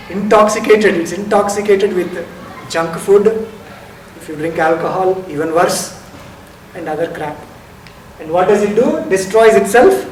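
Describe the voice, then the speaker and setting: A man giving a spiritual lecture as a meditation teacher, explaining step by step, asking rhetorical questions and stressing key words. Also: high voice. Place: lecture hall. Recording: roomy hall, distant mic, faint noise.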